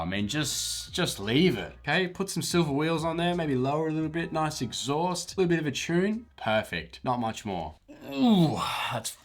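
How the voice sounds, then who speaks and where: A man's voice: fairly low pitch, a bit bright. A man commenting casually on photos while editing them, blunt and profane, mocking the pictures and often laughing at his own jokes. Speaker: photographer roasting viewer photos.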